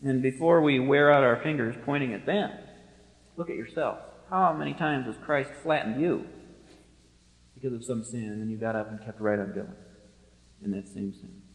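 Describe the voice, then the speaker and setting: A male pastor delivering an expository sermon. He moves between hushed, low stretches and forceful, emphatic bursts. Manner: emphatic, swings from hushed to forceful, quick asides. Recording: echoey hall with long reverb.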